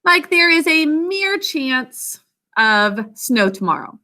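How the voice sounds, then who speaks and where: Slow, bright-voiced woman teaching spelling. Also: high voice, sing-song. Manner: slow, deliberate dictation, sounding out words syllable by syllable. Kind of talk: spelling lesson.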